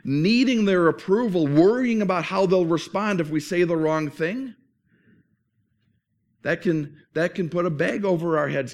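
A man preaching a sermon as pastor, earnest and conversational, often restarting phrases. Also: sits high.

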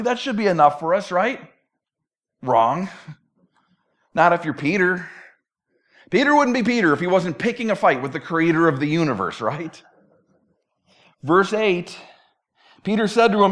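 A man's voice: high voice, sing-song, normal speed, pauses often. A man preaching a sermon in a conversational, emphatic way, often repeating words as he restarts. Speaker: pastor.

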